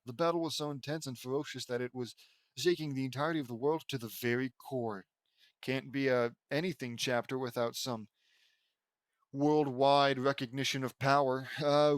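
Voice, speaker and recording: A man's voice: mid-range voice, no room sound. A young man reads fan fiction aloud, stopping often to mock it with sarcastic asides. His voice sits mid-range and sounds dry and close. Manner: sarcastic, riffing, stumbles and laughs at the text.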